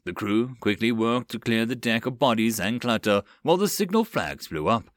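A male audiobook narrator who tells a battle scene with a lively, swinging delivery. His voice is mid-pitched and the recording is dry and close. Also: normal speed, no room sound. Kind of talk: audiobook narration of a web novel.

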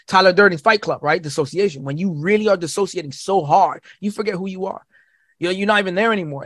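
Rambling, high-pitched man who swears freely. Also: fairly bright tone, no echo, clean studio sound. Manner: rapid rambling monologue, swearing, says "right?" often; acts out quoted voices in a high pitch. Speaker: podcast guest. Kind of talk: casual podcast chat.

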